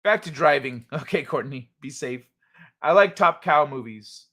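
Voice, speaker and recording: A man hosting a live stream who chats casually with his viewers and jokes his way through their comments. His voice is fairly high and bright with a forceful edge, and he laughs often. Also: moderate pace. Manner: jokey and animated, laughs often.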